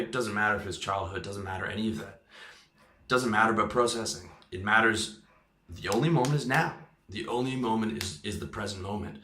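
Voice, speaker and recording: A man's voice: on the low side, sharp tone, echoey room. A man coaching in a motivational talk, emphatic, often checking in with "okay?" and "right?", and swearing casually. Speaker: lifestyle coach.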